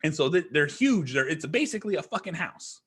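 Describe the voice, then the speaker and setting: A man's voice: a little high, sing-song, a little fast, a bit bright, slightly rough. A man, a podcast guest, tells a rambling story in casual chat, swearing constantly and hammering his points. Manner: profane, rambling, emphatic.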